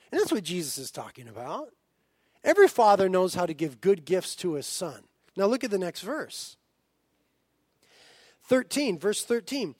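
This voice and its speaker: A man's voice: high voice, dry recording. A man in his thirties preaching a sermon as pastor, earnest and building to fervent emphasis.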